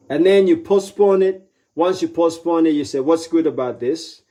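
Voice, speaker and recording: Male motivational speaker, somewhat high voice, emphatic, repeats key lines. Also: moderate pace, warm tone. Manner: acts out quoted voices with pitch jumps. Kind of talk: live motivational talk.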